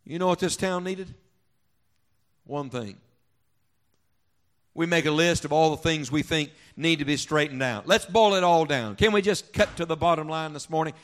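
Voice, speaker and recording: A male pastor preaching a sermon to his congregation, leaning on rhetorical questions and call-and-response, and swinging between loud emphasis and quiet, low reflection. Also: moderate pace, pauses often. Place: church sanctuary before a congregation.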